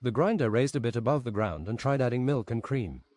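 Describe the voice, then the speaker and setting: Man deadpan reading a story on stream. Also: mid-range voice, a little fast.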